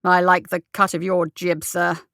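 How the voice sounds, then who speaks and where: A woman's voice: fairly low pitch, little pitch movement, fairly bright tone, dry recording, studio quality. Woman doing a pompous little army captain. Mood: blustering. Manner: brisk, pompous, clipped. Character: short pompous male guild captain, brisk and blustering.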